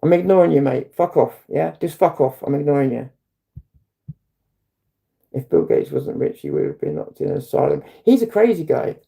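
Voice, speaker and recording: A man's voice: on the high side, big pitch swings, moderate pace, creaky, mellow. A middle-aged man, hosting a livestream and ranting bluntly, with heated swearing. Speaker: livestream host.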